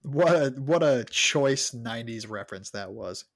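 Animated man hosting a podcast. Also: mid-range voice, normal speed, creaky, no room sound, clean studio sound. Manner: laughing, rambling, restarts. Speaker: podcast host, book reader. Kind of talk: casual chat.

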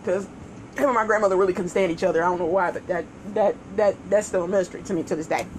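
A woman's voice: on the low side, fast, darkish tone, a little hiss or hum, rough recording. A woman co-hosting a show, telling a story in casual chat with profanity and laughter. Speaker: podcast co-host.

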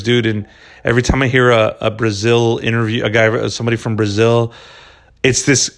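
A man hosting a podcast alone, talking in a rambling, casual way full of swearing and "dude" and "man.". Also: medium pitch. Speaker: podcast host. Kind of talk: casual solo podcast monologue.

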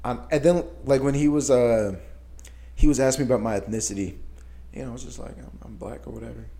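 A man of ordinary pitch tells a long anecdote in loose, casual talk. He swears freely and laughs as he goes, with a lot of animation in his delivery. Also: quick pace. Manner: animated, profane, laughing storyteller. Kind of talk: casual chat, storytelling.

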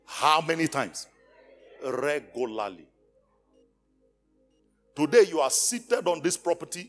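A man preaching a motivational message, calling on his listeners to answer back and stressing key words. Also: fairly high pitch. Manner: call-and-response with audience, emphatic. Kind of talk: motivational sermon.

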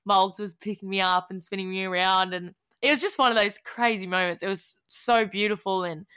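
Bright-voiced Australian woman, gushing. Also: medium pitch, steady tone, brisk, clean tone. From Gold Coast, Australia. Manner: gushing, emotional, swears freely, laughs often. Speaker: musician guest. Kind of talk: casual podcast chat.

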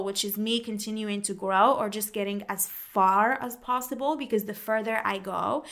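French-native woman telling her life story, candid and animated, bright edge to her voice. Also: mid-range voice. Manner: candid, animated, acts out her past thoughts. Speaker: podcast host. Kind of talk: personal storytelling monologue.

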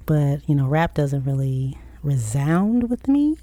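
A woman's voice: sits low, very animated, slow pace, mellow, no room sound. A woman chatting casually and enthusiastically about the music she loves. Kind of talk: casual chat.

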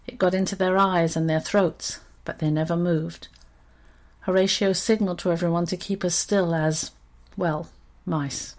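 Woman, storyteller, children's story, expressive reading, lowish voice. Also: normal speed.

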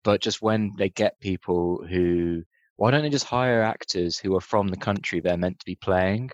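A man's voice: low-pitched, normal speed, dry recording, dull audio. A man co-hosting a podcast in casual chat, making wry, sarcastic asides. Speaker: podcast co-host.

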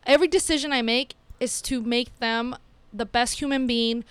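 A woman in her thirties with a notably high, smooth and crisp voice speaks earnestly about raising her kids. She talks with emphatic conviction, slipping in Spanish phrases. The sound is close and dry, with no room echo. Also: fairly even intonation, normal speed. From Mexico-linked, schooled partly in Mexico. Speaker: mother of young children, co-host. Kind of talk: casual chat.

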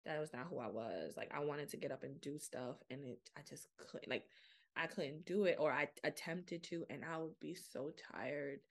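Frank woman with a low gravelly voice. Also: moderate pace. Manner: frank, chatty, lots of "like" and quoted self-talk. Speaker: podcast host. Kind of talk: candid solo podcast monologue.

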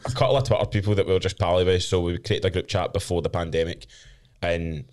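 A man's voice: sits low, steady tone, quick pace, darkish tone. A Scottish man co-hosting a podcast, sweary and joking in casual banter, hungover. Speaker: podcast co-host. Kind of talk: casual chat.

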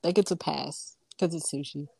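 A woman co-hosting a casual podcast chat who makes slow, drawn-out remarks. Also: low-pitched, gravelly, a little mellow, slightly rough, no echo. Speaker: podcast co-host.

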